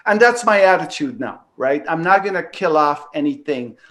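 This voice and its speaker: The Canadian host's voice is a little high, a bit bright, and animated, moving at a moderate pace. On his talk show he relates a personal story in a loose, rambling way, with plenty of fillers and the odd profanity.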